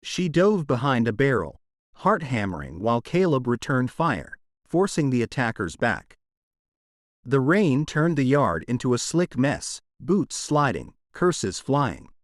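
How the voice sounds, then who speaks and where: A man narrating a romance audiobook in a dramatic, expressive storytelling manner. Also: mid-range voice, a little slow, no room sound, clean studio sound.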